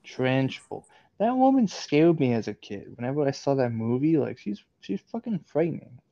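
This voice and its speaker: A man's voice: medium pitch, big pitch swings, moderate pace, gravelly, mellow, no room sound. A man in casual chat, joking and rambling, often repeating his words as he stumbles along. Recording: slightly dull, dry recording.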